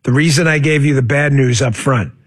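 A man hosting a political talk show, talking casually and animatedly, sarcastic at times, with sudden jumps into shouting. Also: mid-range voice, a little fast, breathy edge.

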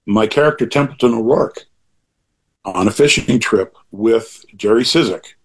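A man's voice: lowish voice, unhurried, breathy edge. An older man talking in a casual interview, rambling through asides and restarts while making emphatic, opinionated points. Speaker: interview guest.

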